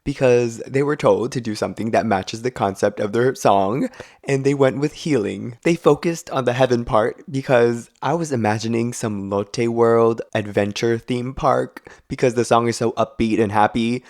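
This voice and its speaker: Snarky man with a gravelly voice. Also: mid-range voice, moderate pace, a little mellow, no room sound, clean studio sound. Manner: snarky, sarcastic, laughs between lines. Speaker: video recap host. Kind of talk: casual show recap commentary.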